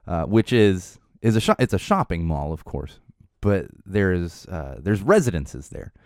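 A man's voice: on the low side, sing-song, normal speed, a little mellow, no echo, studio quality. A man in his thirties from the Los Angeles area hosting a podcast, talking in a rambling, casual way with lots of fillers, laughs and the odd swear word. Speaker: podcast host. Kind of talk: casual chat. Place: studio.

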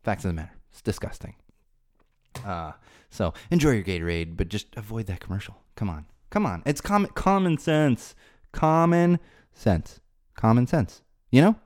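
A man in his thirties rants on his podcast, circling back and repeating himself in exasperation. His voice sits low, with a dark, mellow tone. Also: very animated, brisk. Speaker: podcast host. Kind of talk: casual ranting monologue.

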